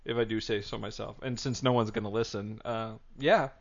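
A man's voice: lowish voice, fairly even intonation, brisk, gravelly, dull audio, background noise. A man co-hosting a podcast in casual chat, joking and laughing often. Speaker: podcast co-host.

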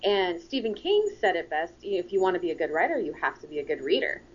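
A woman's voice: lowish voice, very animated, fast, slightly rough. A woman co-hosting a casual podcast, earnest and chatty, laughing easily. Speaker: podcast co-host. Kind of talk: casual chat. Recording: lo-fi, muffled.

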